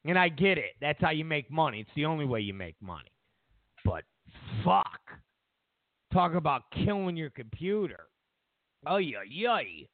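A man's voice: a little high, measured pace, no echo. A man hosting a talk show, ranting in a profane, mocking way. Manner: profane, mocking, animated rants. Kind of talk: ranting commentary. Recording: dry tinny phone-like sound.

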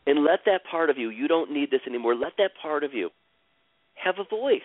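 A man leads a guided healing session in an unhurried, soothing voice, repeating the same phrases over and over like a chant. His voice comes through thin and tinny, as if over a phone line. The sound is dry, with no room around it. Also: on the high side, animated, dry recording. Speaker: host guiding a caller through emotional healing.

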